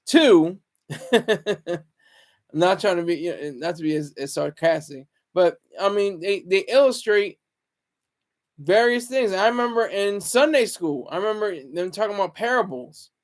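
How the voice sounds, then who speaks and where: A man's voice: high voice, animated, a little slow. A man talking in a casual, rambling monologue, often restarting his sentences and chuckling to himself. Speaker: vlogger.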